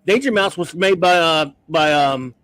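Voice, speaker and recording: A man's voice: a little high, measured pace, a bit bright, no room sound. A man from the United States hosting a casual livestream chat over a video call, thinking aloud with many restarts. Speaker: host.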